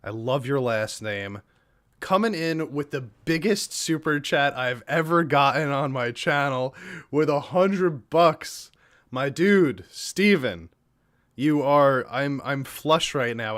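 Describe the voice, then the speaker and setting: A man's voice: mid-range voice, expressive, unhurried, a bit bright. A man hosting a casual live stream, talking earnestly and effusively to his viewers and often stumbling over and repeating his words. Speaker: streamer and reaction host.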